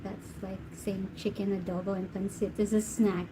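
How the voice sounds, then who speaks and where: A woman's voice: medium pitch, flat delivery, normal speed, background noise. A woman hosting a live tarot Q&A stream, chatting casually, laughing often and reading viewer comments aloud. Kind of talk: casual livestream chat.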